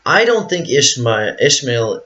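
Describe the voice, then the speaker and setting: A man's voice: mid-range voice, big pitch swings, a little slow, bright, forceful tone. A man reading Bible verses aloud and then explaining them in a casual, rambling way full of fillers. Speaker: Bible study teacher. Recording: dull lo-fi recording.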